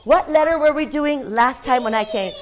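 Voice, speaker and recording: A woman teaching a phonics lesson to a class of young children, sounding out letters in slow, repeated chants. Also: high-pitched, a little hiss or hum.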